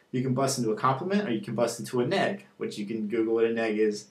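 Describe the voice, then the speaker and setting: A man's voice: medium pitch, quick pace, hardly any pauses. A man giving a casual dating-advice lesson, talking loosely with lots of fillers and acting out both sides of the conversations he describes. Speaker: dating coach. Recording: echoey room.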